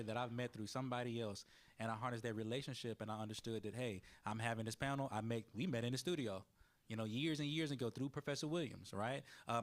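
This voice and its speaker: A man moderating a student panel, animated and acting out the people he quotes. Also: medium pitch.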